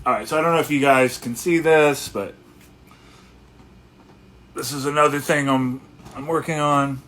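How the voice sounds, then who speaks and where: A man hosting a casual livestream as a guitarist, talking in a relaxed, rambling way and greeting viewers one by one. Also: mid-range voice, normal speed.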